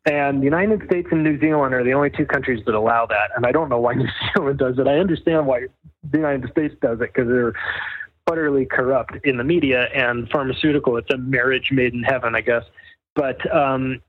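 Male guest author, wry and sardonic, middle pitch, heard over a dry, tinny phone line. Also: a little fast, no echo. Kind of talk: casual interview storytelling.

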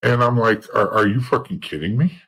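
His voice is lowish, a little fast, fairly bright and slightly rough, on a rough recording. As an interview guest and former police officer and informant, he tells a blunt, swear-laden story and mimics what others said.

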